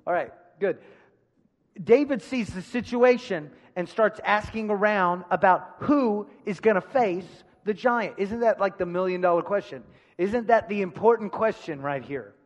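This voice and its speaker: A man's voice: high voice, unhurried, big-room sound. A male pastor preaching a sermon in a church, emphatic, repeating phrases and putting questions to the congregation. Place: church sanctuary.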